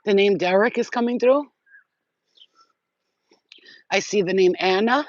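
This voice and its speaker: A woman's voice: medium pitch, measured pace, no room sound. Rambling, chatty psychic woman, dull lo-fi audio. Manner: rambling, chatty, swears and laughs often. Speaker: psychic reader. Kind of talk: casual live psychic reading.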